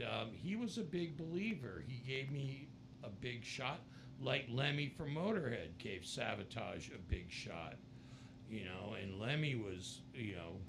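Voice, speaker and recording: An American man, a rock musician, telling stories in a casual interview, animated and breaking into laughter and voices. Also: vocal fry, noisy background. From United States. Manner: animated, jumps into high-pitched voices and laughs. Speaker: musician guest.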